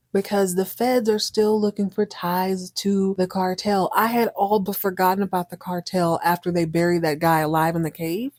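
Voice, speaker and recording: A woman's voice: mid-range voice, no echo, studio quality. A woman hosting a podcast, casually recapping a soap opera episode with slang and frequent laughter. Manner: animated, slangy, laughs often. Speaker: podcast host.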